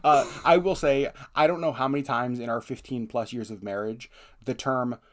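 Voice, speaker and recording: A man's voice: mid-range voice, steady tone, normal speed, a little hiss or hum. A man in his thirties co-hosting a casual podcast with his wife, joking about himself and laughing often. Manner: playful, self-mocking, laughs often. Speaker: podcast co-host. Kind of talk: casual chat.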